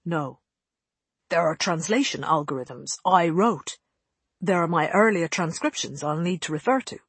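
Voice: mid-range voice, expressive, measured pace, fairly bright tone, breathy edge, no room sound, heavily acted. A narrator voicing an exasperated captive male translator who makes indignant demands.

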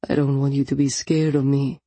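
A woman voicing a menacing male captor who speaks slowly and soothingly in a thick accent. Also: a bass voice, flat delivery, warm tone, no echo. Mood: calm, menacing. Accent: thick foreign accent. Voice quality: slow, soothing, controlled.

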